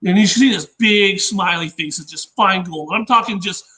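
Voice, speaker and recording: A man with a squeaky, very high voice and a sharp, bright edge to it. He rambles through casual anecdotes as a guest inventor, slipping into the voices of people in his stories. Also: moderate pace, slightly rough, low-quality recording. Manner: rambling anecdotes, acting out others' remarks. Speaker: podcast guest, inventor and engineer. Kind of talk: casual storytelling chat.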